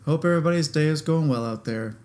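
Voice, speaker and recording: A man's voice: fairly high pitch, fast, darkish tone. Easygoing, playful male podcast co-host. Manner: easygoing, playful, laughs along. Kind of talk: casual chat.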